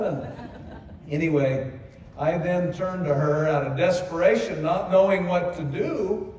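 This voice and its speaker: Hoarse older man in echoey hall. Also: a little high, measured pace, darkish tone, recorded from a distance, slight background noise. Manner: folksy, self-deprecating storyteller. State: hoarse from speaking. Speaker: company co-founder giving a convention speech. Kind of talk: personal storytelling speech. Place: large convention hall.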